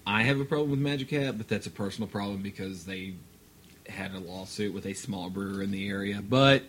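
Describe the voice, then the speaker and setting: A man's voice: on the low side, fairly quick, a bit bright, slight background noise. A man in a casual group chat who speaks in an easygoing, knowledgeable way and steers the conversation.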